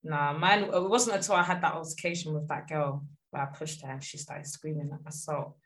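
A young woman in her twenties co-hosting a casual chat, telling animated stories and laughing often. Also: low-pitched, a little fast, poor audio. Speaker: podcast co-host.

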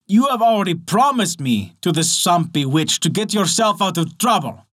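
A man's voice: high-pitched, lively intonation, normal speed, a bit bright, voice pushed up. A man voicing a hot-tempered young male blacksmith hero in a folktale, speaking sharply and indignantly.

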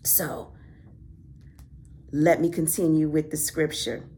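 A woman hosts a devotional podcast, her low voice carrying a gravelly fry. She talks slowly and reflectively, then builds to emphatic, preacher-like cadences. A faint hiss sits under the recording. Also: dark tone. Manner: reflective, lingering on key words. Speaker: podcast host. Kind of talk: devotional Bible teaching.

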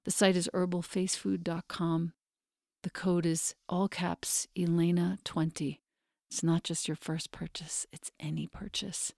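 A woman hosting a podcast, speaking in a soft, unhurried way through her ad read and her introduction. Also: lowish voice, flat delivery, vocal fry, no echo, clean studio sound. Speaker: podcast host.

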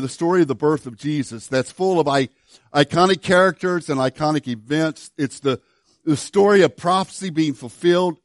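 A man's voice: on the high side, no echo. An older man, a pastor, preaching a sermon in a conversational storytelling way with self-deprecating humor.

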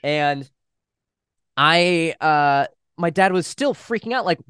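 A young man, a podcast guest, casually telling a story at a fast, animated pace and quoting other people as he goes. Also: fairly high pitch, clean tone, dry recording, studio quality. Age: young adult. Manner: fast, animated retelling with quoted voices and swearing.

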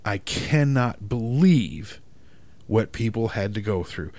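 A man's voice: lowish voice, animated, slow pace, a little mellow. A man who grew up in Michigan hosting a solo podcast, ranting in an exasperated, profane way. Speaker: podcast host.

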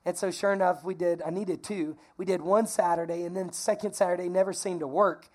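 A woman pastor preaching a lively, conversational sermon, calling on the congregation to repeat phrases. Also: on the low side, brisk. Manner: energetic, conversational, calls for congregation responses.

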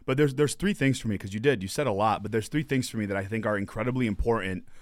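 A man's voice: on the low side, quick pace, no echo, clean studio sound. A man hosting a podcast in casual conversation, earnest and encouraging, telling stories with quoted dialogue. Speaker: podcast host.

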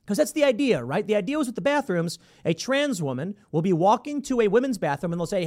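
A male commentator reads out news passages and reacts with sarcasm and disbelief. His voice sits high and swings widely in pitch. He talks casually, stumbling and breaking into mocking asides. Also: big pitch swings, fast, hardly any pauses, a little mellow. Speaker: political commentator.

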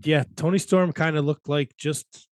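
Teasing, swearing man, fairly high voice. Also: steady tone, moderate pace, no room sound, clean studio sound. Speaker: podcast co-host. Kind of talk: casual wrestling chat.

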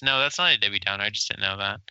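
A man co-hosting a casual podcast, bantering quickly and laughing, with lots of filler words. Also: on the low side, pushed and bright, clear, resonant tone, no echo. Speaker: podcast co-host. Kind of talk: casual chat.

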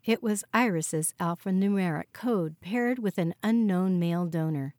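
A woman reading a novel aloud in steady, scripted narration on a close mic. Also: on the low side, measured pace, few pauses, dry recording. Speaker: audiobook narrator.

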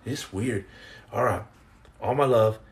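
A man's voice: fairly low pitch, a little slow, creaky. A middle-aged man chatting casually on a livestream, answering viewer comments in a rambling, joking way that often repeats and restarts words.

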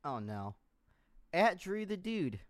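A man host reading viewers' messages aloud on a podcast, with quick reactions between them. His voice is lively and animated, pitched a touch high, recorded dry and close. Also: dry recording. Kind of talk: reading live chat aloud.

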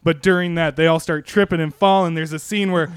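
A man's voice: a little high, fairly even intonation, fairly quick, smooth, dry recording. A young man recapping a movie plot in casual chat, sarcastic and rambling, laughing often. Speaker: podcast panelist pitching a movie.

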